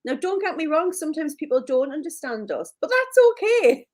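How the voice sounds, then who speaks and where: Chatty Geordie woman, fairly high voice. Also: very animated, a little fast, a little mellow. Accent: Geordie (Newcastle). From Newcastle, England. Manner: chatty storyteller, lots of "like" and self-deprecating laughs. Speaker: co-host. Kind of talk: casual live chat.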